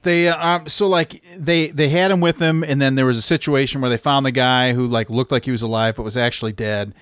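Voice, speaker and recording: A man's voice: mid-range voice, fairly even intonation, a bit bright, smooth, no echo. Hesitant man with a dry close sound. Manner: halting, unsure, trails off. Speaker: podcast co-host. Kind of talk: casual chat.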